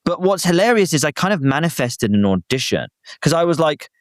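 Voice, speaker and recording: British man, animated, rambling. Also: on the high side, fairly quick, no echo, studio quality. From Britain. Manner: animated, self-deprecating, rambling storyteller. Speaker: guest actor. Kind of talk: casual chat.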